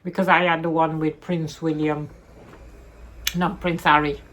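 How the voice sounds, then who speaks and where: Low-pitched woman vlogger reviewing books off the cuff, meandering and backtracking. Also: flat delivery, a little slow, a bit bright, a little hiss or hum. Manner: rambling, self-correcting, retells the plot loosely. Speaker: book reviewer. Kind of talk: casual book review chat.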